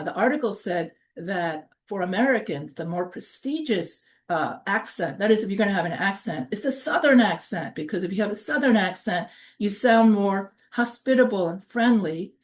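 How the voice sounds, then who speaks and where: A woman's voice: medium pitch, animated, moderate pace. A woman with a New York accent, a college instructor giving a recorded online lecture and explaining in short phrases, partly reading from notes.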